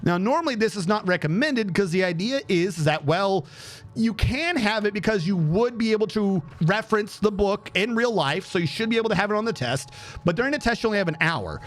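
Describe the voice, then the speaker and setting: A young streamer with a strikingly high voice spins a casual story, swearing freely and performing each exchange he recounts with lots of animation.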